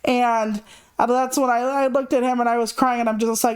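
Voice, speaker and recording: A woman's voice: a little high, flat delivery, moderate pace, smooth. A woman streamer in casual livestream chat, rambling and frank, swearing freely as she talks.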